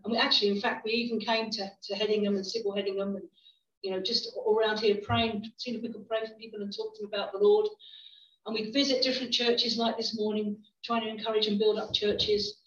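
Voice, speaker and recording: A woman's voice: mid-range voice, flat delivery, quick pace. A middle-aged woman, a visiting preacher telling stories in a church, chatty, with frequent restarts. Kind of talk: storytelling sermon. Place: church hall. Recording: roomy, distant, dull church recording.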